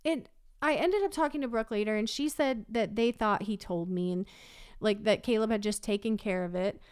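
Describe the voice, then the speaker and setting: A woman's voice: medium pitch, normal speed, clean tone, no room sound. Middle-aged woman, casual storyteller, clean close dry sound, emotional. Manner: emotional storytelling, many fillers. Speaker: guest telling a personal story. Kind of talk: casual chat.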